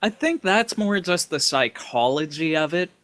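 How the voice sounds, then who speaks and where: A man's voice: a little high, normal speed. A man co-hosting a casual podcast, hesitant with many fillers. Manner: hesitant, lots of fillers, animated. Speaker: podcast co-host. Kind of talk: casual chat.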